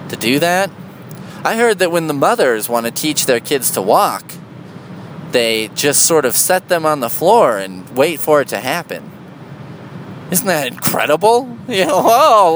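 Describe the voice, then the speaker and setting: A man's voice: on the high side, big pitch swings, measured pace, slight background noise, low-quality recording. A man doing stand-up comedy with a sarcastic, mocking, profane delivery.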